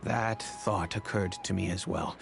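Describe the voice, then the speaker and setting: A man voicing a wealthy, kindly middle-aged father in game cutscene dialogue, telling the past in a measured, reflective way. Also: sits low, steady tone, vocal fry, heavily acted. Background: game music.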